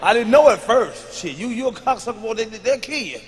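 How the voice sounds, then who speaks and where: A man telling profane stand-up comedy stories to a live audience, often shouting. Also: very high-pitched, very animated, brisk, a little hiss or hum.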